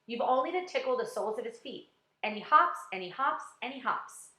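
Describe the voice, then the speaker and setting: A woman's voice: fairly high pitch, lively intonation, fairly quick, sharp tone. A woman voicing a cheerful small boy in a storybook, eager and friendly, in an echoey room.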